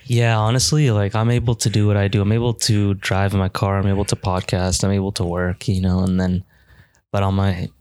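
A man's voice: on the low side, little pitch movement, brisk, darkish tone, smooth, dry recording. A man co-hosting a podcast in casual chat, joking and teasing his friends.

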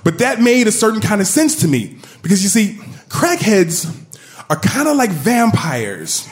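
A man tells a funny story from his own life, his voice sitting high and leaping up and down with every line. He talks in a loose, profane, self-mocking way. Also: very animated, measured pace. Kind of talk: comic personal storytelling.

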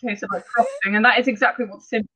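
Bright-voiced teasing teen girl. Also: a little high, fast, slightly rough. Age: teens. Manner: mock-serious, teasing, deadpan jabs. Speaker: podcast co-host. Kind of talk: casual chat between friends. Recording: dull lo-fi sound.

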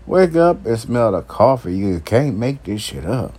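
A man's voice: mid-range voice, very animated, a little slow, a little mellow. A male talk show host rambling through an unscripted solo monologue, crude and profane, chuckling between his remarks.

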